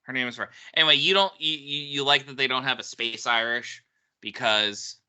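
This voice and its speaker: A man's voice: mid-range voice, a little fast, bright, forceful tone, clear, resonant tone. A man co-hosting a podcast, chatting casually with frequent laughs and hesitations. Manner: laughs often, hesitant with ums. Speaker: podcast co-host and author. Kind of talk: casual chat.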